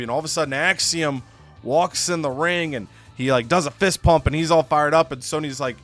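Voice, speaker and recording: A man's voice: on the high side, fairly quick, a bit bright, faint music behind. A man casually retelling a wrestling game session, with lots of "you know" and "like" fillers. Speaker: let's-play co-host. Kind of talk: casual game recap storytelling.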